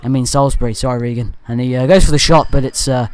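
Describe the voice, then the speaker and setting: A man giving casual voice-over commentary for a fan channel. He rambles and jokes, with off-topic asides and quick self-corrections. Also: mid-range voice, steady tone, smooth.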